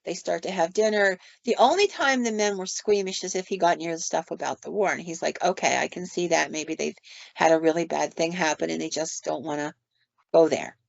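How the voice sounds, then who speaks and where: A woman's voice: deep voice, brisk, creaky, no echo. A woman co-hosting a podcast, casually retelling ghost stories with fillers and quoted asides. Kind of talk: storytelling on a podcast. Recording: dull lo-fi dry sound.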